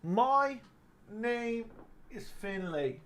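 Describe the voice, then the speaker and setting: A man putting on an Irish accent to voice a cocky young male brawler, in a slow, drawn-out, exaggerated way. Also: extremely high pitch, big pitch swings, fairly bright tone, pitched above the performer's own voice, heavily acted. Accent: put-on Irish.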